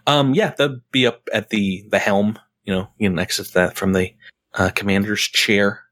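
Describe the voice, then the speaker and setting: Relaxed man running a tabletop game. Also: on the low side, moderate pace, no echo, clean studio sound. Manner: relaxed, rambling with fillers and restarts. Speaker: game master.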